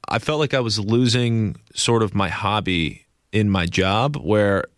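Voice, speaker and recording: A man who works as a news correspondent talks through his career as an interview guest. His voice sits a little low, and he tells stories in a reflective, self-deprecating way. The sound is dry and close-miked. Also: unhurried, no room sound. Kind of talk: casual interview chat.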